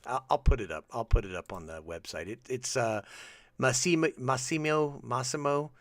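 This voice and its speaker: A man co-hosting a podcast, chatting casually and telling rambling, animated stories. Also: lowish voice, brisk, dry recording, studio quality. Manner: rambling, animated storytelling with restarts. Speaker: podcast co-host. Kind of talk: casual chat.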